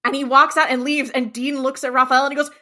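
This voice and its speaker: A young woman with a high, bright voice recaps a show episode for her podcast co-host. She talks casually and slips quickly into the characters' lines as she retells each scene. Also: level tone. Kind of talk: casual rewatch podcast chat.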